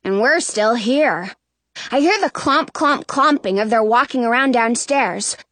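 Woman reading a kids' story out loud, high voice going all over the place, slow. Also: animated, no room sound. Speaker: audiobook narrator. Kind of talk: first-person storybook narration.

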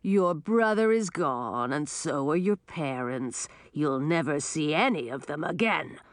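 A woman's voice: low voice, animated, dry recording, clean studio sound, voice pushed down. A woman voicing a nasty, sneering old male wizard in a storybook reading. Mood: mock-sad. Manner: sneering, drawn-out.

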